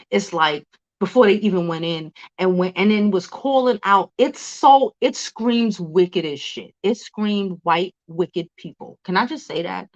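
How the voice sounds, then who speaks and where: A woman's voice: lowish voice, muffled recording. A woman hosting a casual celebrity news livestream, chatty, laughing often and cursing freely.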